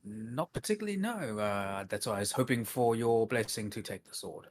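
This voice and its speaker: A man's voice: fairly low pitch, expressive, normal speed, slight background noise. A man playing a tabletop game over voice chat, easygoing and chatty. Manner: easygoing, mumbling to himself. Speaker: player. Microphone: computer mic on a voice call.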